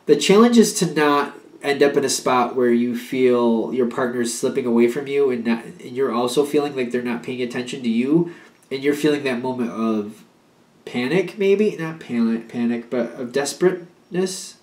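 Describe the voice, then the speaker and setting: A man's voice: medium pitch, normal speed, a little mellow, roomy sound. A man giving a casual spoken tarot reading. He rambles and restarts as he talks, and now and then acts out an imagined partner's pleas. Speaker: tarot reader.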